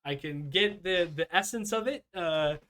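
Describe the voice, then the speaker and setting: A man's voice: high-pitched, moderate pace, a bit bright. A man hosting a podcast in casual chat, rambling loosely with lots of fillers and easy laughter. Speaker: podcast host.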